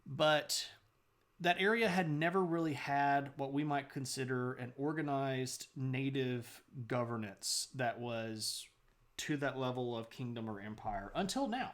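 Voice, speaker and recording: A man's voice: mid-range voice, a little slow, a bit bright. A man streaming a casual history lecture, chatty, greeting viewers and laughing often.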